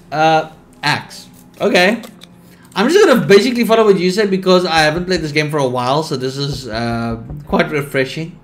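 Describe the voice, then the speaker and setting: A young man casually commenting on a survival game, reading its text aloud, laid-back and sleepy with sudden bursts of excitement. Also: fairly high pitch, moderate pace, long pauses. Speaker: streamer.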